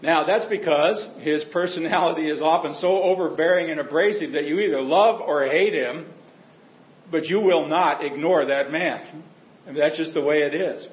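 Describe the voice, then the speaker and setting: Higher-voiced man preaching, echoey hall. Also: normal speed, highs cut off. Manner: conversational storytelling with humor. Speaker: pastor. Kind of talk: sermon.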